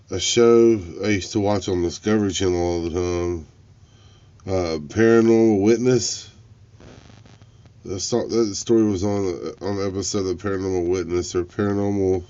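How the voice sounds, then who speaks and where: A man's voice: on the low side, darkish tone, smooth, muffled recording. A man, a reaction video host chatting casually and rambling loosely. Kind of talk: casual chat.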